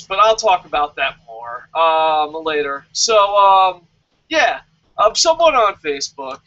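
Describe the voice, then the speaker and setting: A man casually reviewing a wrestling show, sarcastic and animated, swearing freely. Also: a little high, dull audio. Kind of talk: casual profane review rant.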